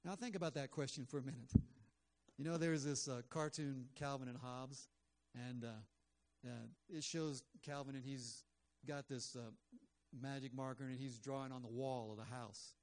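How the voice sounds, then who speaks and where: A man's voice: medium pitch, fairly even intonation, normal speed. A man preaching a sermon in an earnest, conversational way, with frequent fillers. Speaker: pastor.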